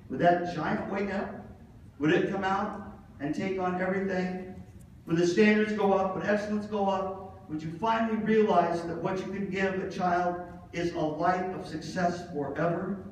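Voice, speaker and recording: A man's voice: high voice, normal speed. A man giving a motivational conference keynote, telling stories with humor and acting out the dialogue. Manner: animated, humorous, acts out dialogue. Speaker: keynote speaker. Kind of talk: motivational conference speech with storytelling. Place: large conference hall. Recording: echoey hall, voice from far off, faint noise.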